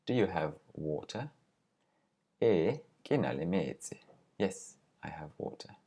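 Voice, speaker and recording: Teaching a language lesson, a man with a low, animated, mellow, slightly rough voice reads short example phrases. He patiently explains each word and slows down on the key terms.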